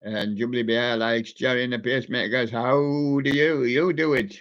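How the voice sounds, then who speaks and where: A man hosting a casual radio show, chatting playfully with the soft toys in his studio. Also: mid-range voice, steady tone, moderate pace. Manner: chatty, playful, talks to soft toys and does their voices. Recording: dull lo-fi sound.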